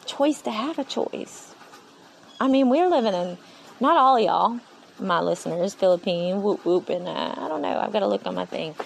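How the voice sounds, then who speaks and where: A woman hosting a solo faith-driven motivational podcast, speaking in an animated, rambling, preachy way. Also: mid-range voice, normal speed, gravelly, a little hiss or hum, low-quality recording. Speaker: podcast host. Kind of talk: solo inspirational podcast monologue.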